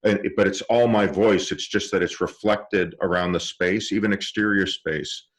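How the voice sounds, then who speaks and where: Low-voiced man teaching a film class. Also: fairly even intonation. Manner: explains by live demonstration, halting restarts. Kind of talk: online class lesson. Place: room with a cluttered table. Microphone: directional microphone.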